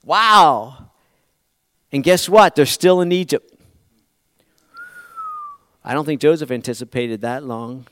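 A pastor preaching a conversational sermon, swinging from loud bursts to near-whispers. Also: male voice, fairly high pitch, slow pace, pauses often, slight background noise. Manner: animated, conversational preaching with dramatic swings in volume.

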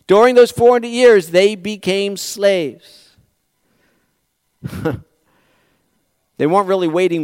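A pastor preaching a conversational sermon, swinging from loud bursts to near-whispers. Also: male voice, on the high side, clear, resonant tone, dry recording, clean studio sound. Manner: animated, conversational preaching with dramatic swings in volume.

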